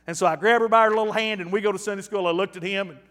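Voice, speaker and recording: A man in his fifties preaching a storytelling sermon, folksy and animated, with frequent restarts. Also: high voice, very fast, big-room sound. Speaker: pastor.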